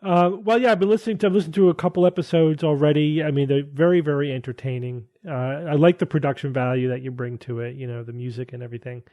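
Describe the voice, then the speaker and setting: A man hosting a podcast, reading out quiz items clearly and briskly and chatting with his panel. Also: fairly high pitch, steady tone, mellow. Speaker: podcast host.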